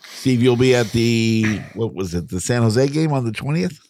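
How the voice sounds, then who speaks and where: A man's voice: medium pitch, normal speed, a little mellow, no echo. A man co-hosting a podcast in casual banter, joking and rambling with lots of restarts. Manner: joking, rambling, self-interrupting. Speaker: podcast co-host.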